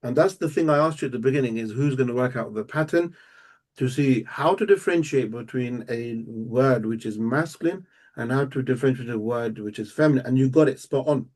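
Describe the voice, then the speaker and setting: A man's voice: mid-range voice, a little mellow. Patient man teaching a language lesson. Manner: patient, explains step by step, repeats words slowly. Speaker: Arabic teacher. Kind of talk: live one-on-one language lesson.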